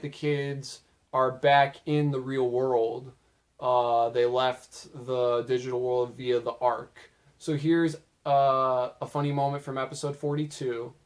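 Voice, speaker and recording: A young man casually recapping funny anime moments, chatty and loose, with lots of filler words. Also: mid-range voice. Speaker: video creator.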